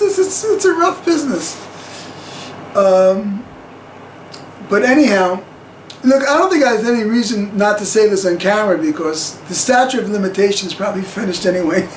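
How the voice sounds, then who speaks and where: A man's voice: high-pitched, echoey room, a little hiss or hum, poor audio. Rambling, chuckling male storyteller. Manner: rambling, chuckling, full of fillers. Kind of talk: casual storytelling to camera.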